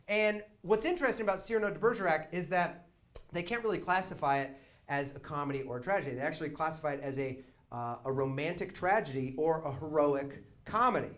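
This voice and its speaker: A young man telling a long comic story on a theater stage, chatty and wry, shouting quoted lines for effect. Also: on the high side, animated, brisk. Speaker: comedian. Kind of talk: live storytelling stand-up. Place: small theater stage with audience.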